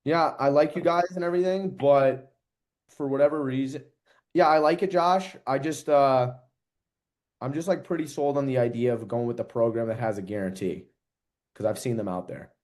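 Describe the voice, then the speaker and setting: A man's voice: moderate pace, darkish tone, natural voice. A man playing a hesitant sales prospect. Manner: casual, hedging, low-key objections. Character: hesitant male sales prospect, cautious about risk.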